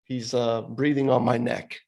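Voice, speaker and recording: A man's voice: medium pitch, flat delivery, unhurried, vocal fry, darkish tone. A man co-hosting a podcast, telling a story in casual chat, laughing often and saying bro and dude. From Florida. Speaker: podcast co-host.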